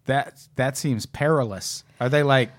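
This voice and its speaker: A man's voice: mid-range voice, unhurried. A man, a comedian guest, chatting casually with a wry, swearing manner and telling anecdotes. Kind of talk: casual chat.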